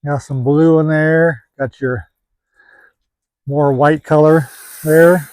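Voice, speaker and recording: A man's voice: a little high, fairly even intonation, slow pace, a little mellow, no room sound, rough recording. A man casually explaining how he cleans an old car, folksy and joking, rambling as he works. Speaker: classic car seller.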